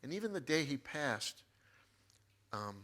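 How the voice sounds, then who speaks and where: A man's voice: fairly high pitch, very animated, measured pace, sharp tone. A man, a book author as a guest, telling an emotional personal story in an earnest way and repeating his phrases.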